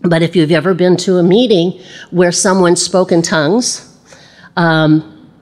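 A woman's voice: lowish voice, steady tone, a little slow, a little mellow. A middle-aged woman teaching a casual Bible lesson, chatty, laughing easily and acting out the voices she quotes.

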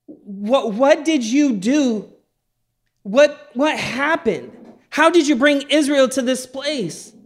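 A man's voice: extremely high pitch, lively intonation, slow pace, voice pushed up, full character voice. A man voicing a furious older man confronting his brother, bursting out and stammering in disbelief. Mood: exasperated. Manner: exasperated, stammering outbursts.

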